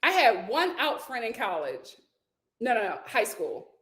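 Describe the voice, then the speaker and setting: A young streamer with a fairly high voice speaks a little slowly while hosting her casual broadcast. She reads viewer comments aloud and chats in an animated way, laughing frequently.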